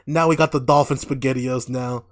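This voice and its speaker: A man's voice: mid-range voice, normal speed. A man co-hosting a podcast, recapping an episode in casual chat, swearing a lot and laughing as he goes. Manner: animated, laughing, heavy swearing. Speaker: podcast co-host.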